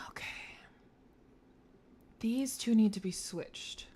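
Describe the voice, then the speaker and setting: In a let's play, a woman streamer thinks out loud through puzzles, swears freely, and jokes between them in a playful way. Her voice is a little high and warm, extremely slow with frequent pauses, and carries a faint hiss or hum.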